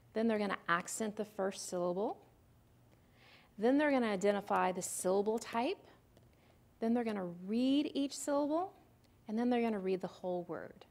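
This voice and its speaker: A woman lecturing on reading skills in a patient, teacherly way. Her voice sits a little high and has a gravelly edge. She walks through each step and sounds out words as she goes. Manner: patient, step-by-step teacherly explaining with questions to the listener; models the sounds aloud. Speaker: literacy presenter. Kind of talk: recorded lecture.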